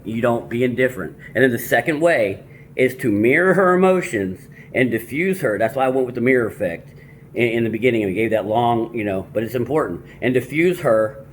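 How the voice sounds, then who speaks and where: A man's voice: mid-range voice, slight background noise. A man vlogging casually about dating advice, loose and crude with many restarts and asides. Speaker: vlogger summarizing a self-help book. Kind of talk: casual, rambling talk.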